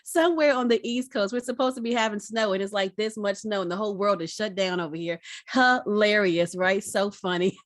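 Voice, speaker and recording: A middle-aged woman from Virginia, giving a lively, preacherly motivational talk over a video call and speaking straight to her audience. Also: on the high side, no room sound, clean studio sound. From Virginia, United States. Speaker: guest speaker.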